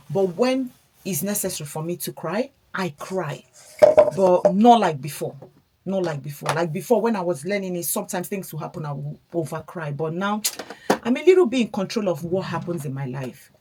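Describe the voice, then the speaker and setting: A woman's voice: fairly low pitch, animated, brisk, background noise. A woman chatting casually while doing her makeup, a mother talking in a reflective, encouraging way. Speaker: beauty vlogger, mother.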